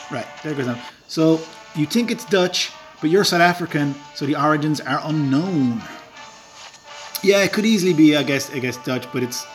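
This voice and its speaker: A man with a rural Irish accent, chatting casually on a live stream while playing a game, rambling with fillers and chuckling at himself. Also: a little high. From Ireland. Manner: rambling and self-deprecating, with filler words and chuckles.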